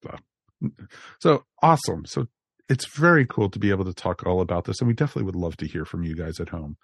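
A man with a low, gravelly voice hosts a podcast in a casual, jokey and upbeat way, with plenty of "you know" fillers. He is recorded close and dry on a studio mic. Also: expressive, fast, no echo. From New Jersey. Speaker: podcast host.

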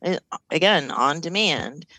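A woman's voice: sits low, animated, unhurried, bright, forceful tone, dry recording, poor audio. A woman co-hosting a podcast, telling stories in casual chat with swearing and laughter. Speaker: podcast co-host.

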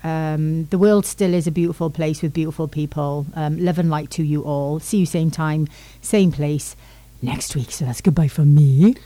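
Low-voiced, playful woman radio host. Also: steady tone, normal speed, no echo. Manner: playful, self-mocking, warm farewells. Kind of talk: casual sign-off chat.

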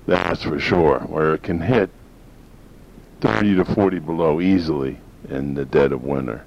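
A man's voice: a bass voice, measured pace, creaky, darkish tone. A man from northern Maine hosting a talk radio show, rambling in a folksy, opinionated way. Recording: dull lo-fi sound with faint hiss.

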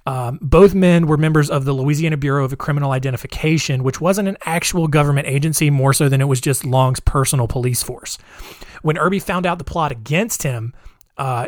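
A man's voice: a little high, dry recording, studio quality. Casual man telling a history story. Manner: conversational, many fillers and asides; jokey, wry asides.

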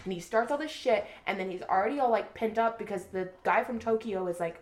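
A young woman co-hosting a podcast who recaps a book in casual chat. She is an animated storyteller who swears freely and says "like" often. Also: mid-range voice, a little fast, hardly any pauses. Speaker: podcast co-host. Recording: roomy echo.

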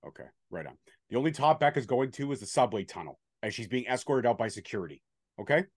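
A man's voice: medium pitch, sing-song, fast talker, no echo, clean studio sound. A man hosting a casual chat, recapping events in a bantering, profane play-by-play way. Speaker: podcast host recapping wrestling.

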